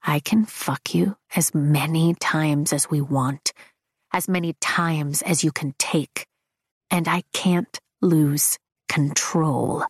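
A woman voicing a brooding young man, speaking low and slow in hushed tones in an audiobook. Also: dry recording, clean studio sound. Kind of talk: audiobook dialogue.

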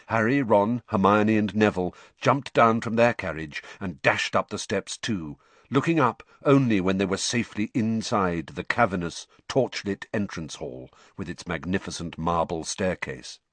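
A man narrating a novel aloud as an audiobook, in a measured, expressive storytelling manner. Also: on the low side, no echo. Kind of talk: scripted narration.

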